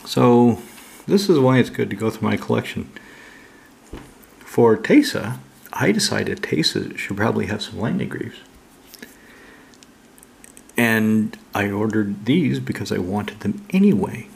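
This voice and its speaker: Gravelly dude rambling about his mail, swears a lot, super blunt. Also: fairly low pitch, lively intonation, takes it slowly, pauses often, darkish tone. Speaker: card collector opening mail. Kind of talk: casual chat.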